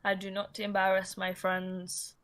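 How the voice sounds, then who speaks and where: A young woman, co-hosting a podcast in casual chat. She talks in an animated, emphatic way and repeats herself for effect. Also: medium pitch, unhurried. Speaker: podcast co-host.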